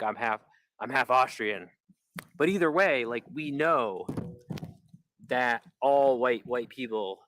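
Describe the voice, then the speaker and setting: Rambling man live-streaming, bright voice. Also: mid-range voice, no room sound. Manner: rambling, full of "like" fillers and restarts. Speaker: livestreamer.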